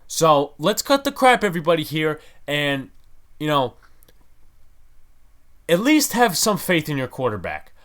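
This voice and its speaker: A man's voice: on the high side, very animated, unhurried, pauses often, a bit bright. A man hosting a sports podcast, ranting in a heated, exasperated way. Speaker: podcast host.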